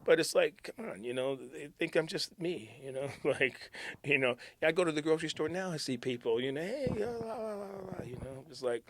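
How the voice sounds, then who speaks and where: A man's voice: medium pitch, brisk, dry recording. A middle-aged man, a former morning radio host, telling stories in a casual interview, joking and laughing often. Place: radio station.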